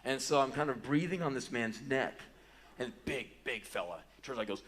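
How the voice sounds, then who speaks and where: Pria pencerita panggung yang ekspresif. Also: male voice, medium pitch, normal speed, husky. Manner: animated, bursts into loud yelps and acted quotes. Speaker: spoken word performer. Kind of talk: live spoken word storytelling. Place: large theater stage before a live audience.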